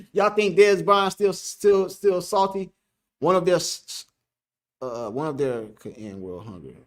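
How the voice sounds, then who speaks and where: A man's voice: sits high, expressive, unhurried. A man hosting a casual sports live stream, reading the chat aloud, joking, laughing and repeating himself.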